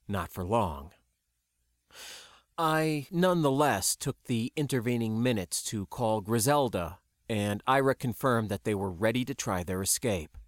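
A man's voice: lowish voice, dry recording, studio quality. Man narrating an audiobook.

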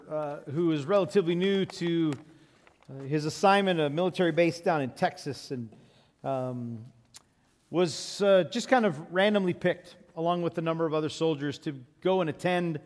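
A man preaching a sermon as pastor, telling stories conversationally with frequent fillers, in a large church sanctuary. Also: on the high side. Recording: long reverb of a church hall.

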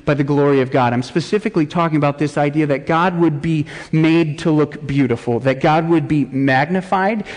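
A middle-aged male pastor preaches earnestly from the pulpit, his somewhat high voice carrying through the long reverb of a church sanctuary. When he gives voice to prayers of lament, he lifts them into rising, pleading cries. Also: a little fast, hardly any pauses. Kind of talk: sermon.

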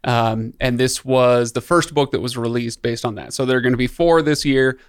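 A man's voice: medium pitch, steady tone, moderate pace, clean tone, no echo. A man hosting a podcast in a studio, chatting casually and a bit rambly, saying he feels a little under the weather. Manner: rambling, self-deprecating, restarts often. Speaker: podcast host. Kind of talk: casual chat.

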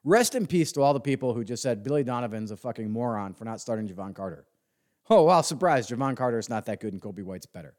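A man hosts a sports podcast in a ranting monologue. He is sarcastic and profane, full of fillers, and his pitch swings widely as he works himself up. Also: lively intonation, quick pace, darkish tone. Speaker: podcast host.

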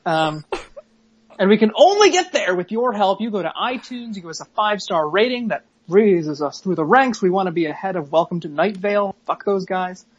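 A woman's voice: medium pitch, expressive, normal speed, slightly rough, lo-fi sound. A woman co-hosting a podcast in casual, rambling chat, joking and swearing freely. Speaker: podcast co-host.

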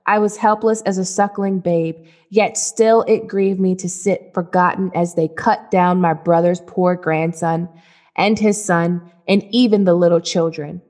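Weary old blind man full of grief, slow and sad, woman reading him aloud. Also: on the low side, fairly even intonation, a little mellow, lightly acted. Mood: grieving. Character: ancient blind male scholar, weary and grieving.

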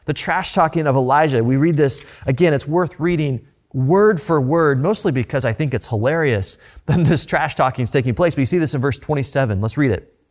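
A man preaching a sermon in an animated, informal way, asking the listeners rhetorical questions. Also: fairly high pitch, brisk. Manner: conversational, informal. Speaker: pastor.

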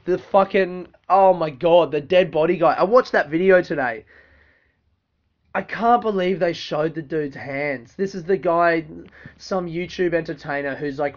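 A man, a comedian, ranting casually and profanely with lots of filler words. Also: on the high side. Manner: profane, rambling rant with many fillers. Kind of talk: casual monologue. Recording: dull lo-fi recording.

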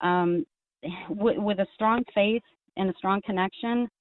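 A woman's voice: medium pitch, a little slow, dry recording. A woman calling in to a talk show, speaking earnestly and rambling with many restarts. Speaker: caller. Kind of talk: casual call-in chat. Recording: tinny phone line, dry.

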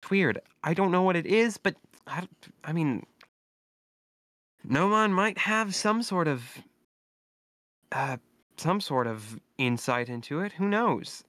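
A wavering colonist in a tabletop game, put on by a male game master, whose voice is pitched well above his usual range. The colonist hesitates and sounds uneasy, in a smooth, clear tone. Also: animated, takes it slowly, pauses often, a bit bright, no room sound, clean studio sound.

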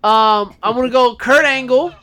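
A man's voice: extremely high pitch, normal speed, bright, forceful tone. A man co-hosting a podcast, chatting casually and laughing as he lists and explains his picks. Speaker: podcast co-host. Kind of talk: casual wrestling chat.

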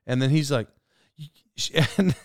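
A middle-aged man hosting a podcast, telling rambling personal stories in a casual, animated way and laughing at his own tale. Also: medium pitch, measured pace, no echo, studio quality. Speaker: podcast host. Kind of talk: casual storytelling monologue.

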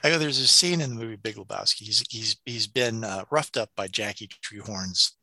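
Middle-aged man, casual podcast co-host, animated storyteller with a very bright, dry close sound. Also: lowish voice, normal speed, no echo. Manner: animated storyteller, laughs often, acts out quotes. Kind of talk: casual chat.

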